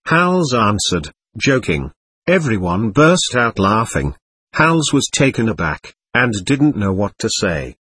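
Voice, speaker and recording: A man with a husky voice reading a first-person war memoir aloud, in measured storytelling. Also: medium pitch, sing-song, fairly bright tone, dry recording. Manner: measured storytelling, voicing the soldiers lightly. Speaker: audiobook narrator.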